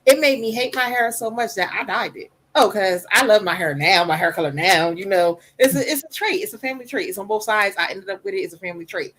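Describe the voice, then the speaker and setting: A woman with a soft voice talks openly about her life on a podcast. She is emphatic and animated, and her pitch sits in the middle for a woman. She slips now and then into quick voices of other people. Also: rough recording. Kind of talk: candid personal storytelling.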